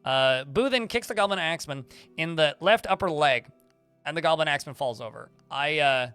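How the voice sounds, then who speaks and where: A man with a bright, forceful, slightly high voice streams a game live. He reads the combat log aloud, stumbling and restarting as he goes. Faint music plays under his voice. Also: lively intonation, a little fast, smooth, no room sound. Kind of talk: livestream gameplay commentary.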